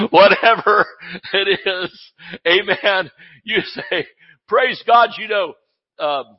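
A male pastor preaching a sermon in an animated, exclamatory way, often laughing as he speaks. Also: high-pitched, drawn-out words, long pauses, breathy edge, muffled recording.

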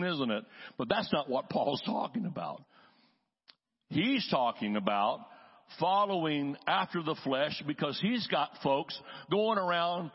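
A late middle-aged man preaching a conversational sermon, folksy and quick with joking asides. His voice sits a little high and sounds husky. The recording is muffled and lo-fi, with a long reverb tail from a large church hall. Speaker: traveling healing evangelist, guest preacher.

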